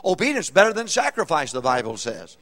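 Animated preacher man, lively high voice. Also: quick pace. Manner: animated, humorous, call-and-response preaching. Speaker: pastor. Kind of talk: sermon. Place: church auditorium.

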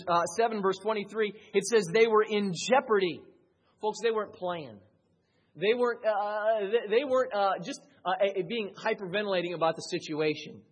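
A man preaching a sermon as pastor, swinging between loud raised peaks and quiet low passages, with a husky voice.

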